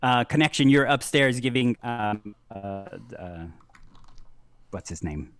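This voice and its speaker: A man narrating as game master of a tabletop game, halting with many pauses and fillers. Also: mid-range voice, animated, clear, resonant tone. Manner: halting, many ums and uhs, laughs often.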